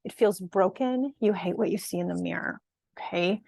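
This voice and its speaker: This woman has a lowish, creaky, somewhat dark voice at normal speed, with no echo. As a fitness and nutrition coach leading an online workshop, she talks conversationally with empathy and encouragement, laughs occasionally, and keeps asking viewers "right?" and "okay?".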